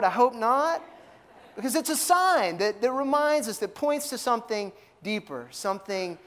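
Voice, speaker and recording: Conversational preacher in a reverberant hall. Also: male voice, high voice. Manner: conversational, asks many questions, repeats words. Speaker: pastor. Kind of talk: sermon. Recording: long reverb of a large hall.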